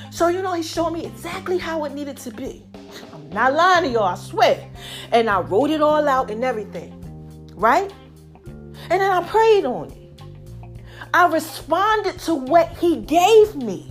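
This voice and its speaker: A woman with a high, lively voice talks straight to her viewers in a chatty, preachy way. She swings between excited emphasis and quieter asides while encouraging them. Soft music sits faintly in the background. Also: unhurried. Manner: animated, preachy, addresses viewers as y'all. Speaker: vlogger. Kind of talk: motivational faith talk to viewers.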